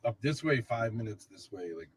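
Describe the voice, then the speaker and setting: A man chatting casually on a livestream in a relaxed, unhurried way. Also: fairly low pitch, a little hiss or hum. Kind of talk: casual conversation.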